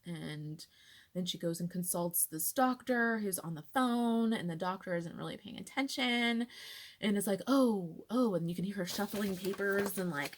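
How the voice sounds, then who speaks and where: A woman's voice: mid-range voice, normal speed. Chatty young woman telling a personal story. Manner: chatty, frequent "like" fillers, drops to whispers when reliving moments. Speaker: vlogger. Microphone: phone.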